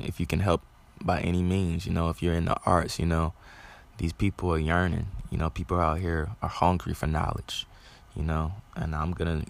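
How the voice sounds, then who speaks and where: A man's voice: low voice, creaky, dry recording. A man hosting his own show, talking in a loose, rambling way with many fillers and restarts. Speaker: podcast host. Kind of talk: casual monologue.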